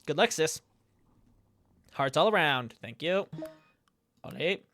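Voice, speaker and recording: A man's voice: fairly high pitch, animated, slow, a bit bright. A man narrating his gameplay in a casual, chatty way, reading chat messages aloud and reacting with laughs and the odd swear. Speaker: let's play gamer.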